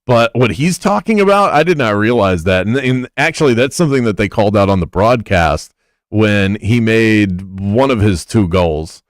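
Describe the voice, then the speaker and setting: Jokey sports radio host, dry studio sound. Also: male voice, lowish voice, expressive, moderate pace, dry recording. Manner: jokey, laughs easily. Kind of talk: casual sports radio chat.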